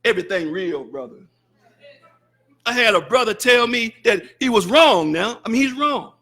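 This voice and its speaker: High, bright-voiced man preaching fervently. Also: animated. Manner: fervent preaching with shouted bursts; mocks excuses in wry, drawn-out asides. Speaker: student minister. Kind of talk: sermon. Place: mosque.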